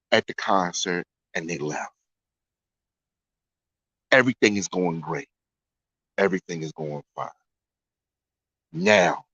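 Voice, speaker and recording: A man's voice: fairly low pitch, a bit bright, no echo. A man telling a story in a casual way, often repeating lines for effect. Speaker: storyteller host. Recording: dry, dull lo-fi sound.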